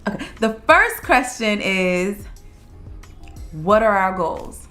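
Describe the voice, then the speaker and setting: A woman co-hosting a casual chat who gives relationship advice in an earnest, step-by-step way, slowing down on key words. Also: mid-range voice, sing-song, bright, forceful tone, soft background music. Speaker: co-host of a couples channel.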